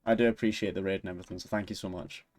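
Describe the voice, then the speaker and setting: A man's voice: low-pitched, fairly even intonation, rapid-fire, a little mellow. A Scottish man chatting casually with his viewers on a game stream, easygoing and self-deprecating, laughing often. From Scotland. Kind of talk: casual game livestream chat.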